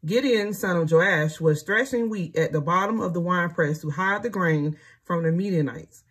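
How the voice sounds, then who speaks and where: A Bible reading host with a fairly low, husky voice reads scripture aloud at normal speed in a casual way. She chats as she goes, adding conversational asides and fillers.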